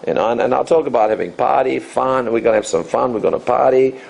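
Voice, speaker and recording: A man's voice: mid-range voice, fast, vocal fry, darkish tone, poor audio. A man in his fifties, a dating coach answering interview questions in a loose, rambling way, full of "you know" and restarts. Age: 50s.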